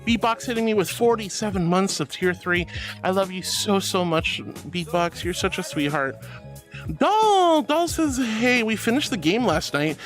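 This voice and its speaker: A man's voice: high voice, lively intonation, moderate pace, a bit bright, faint music behind. A man streaming as a VTuber, reading chat aloud and answering viewers with affectionate pet names and giggles. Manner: affectionate, calls viewers darling and sweetheart.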